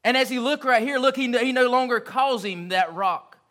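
A man delivers an evening sermon in an earnest, emphatic style. His voice sits high and rings bright and forceful. He repeats key phrases to drive them home. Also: moderate pace. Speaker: preacher.

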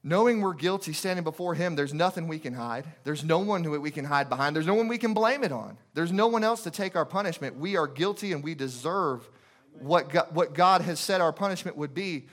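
A man's voice: on the high side, expressive, brisk, a bit bright. A man preaching a sermon as a guest preacher in a church, impassioned and repetitive, firing off rhetorical questions.

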